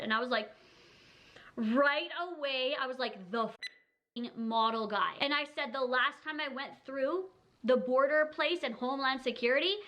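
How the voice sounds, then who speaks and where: A young woman from Canada, telling a story to camera in a chatty, animated way and acting out what people said. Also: on the high side. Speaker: vlogger. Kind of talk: storytime vlog.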